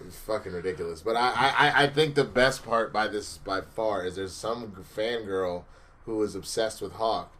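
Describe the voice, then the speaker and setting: A man's voice: on the low side, normal speed, fairly bright tone. A man co-hosting a casual comedy review chat, bantering in a laid-back, profane way. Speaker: co-host of a TV episode review show.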